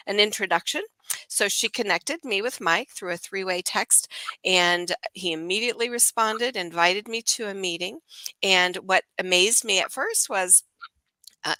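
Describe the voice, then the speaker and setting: A woman in her sixties, a speech pathologist, telling stories as a guest in an interview in an upbeat, warm way. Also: medium pitch, no room sound, rough recording. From United States. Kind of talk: podcast interview.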